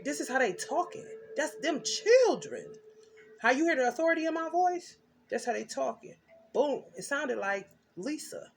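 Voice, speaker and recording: A woman's voice: sits high, big pitch swings, moderate pace, gravelly, husky, faint music behind. A woman doing a tarot reading, telling her story intensely and emphatically with blunt slang. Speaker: tarot reader.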